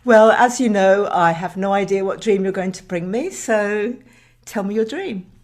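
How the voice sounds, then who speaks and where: A woman's voice: mid-range voice, expressive, moderate pace, a little mellow. A woman hosting a podcast interview, friendly and welcoming. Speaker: host.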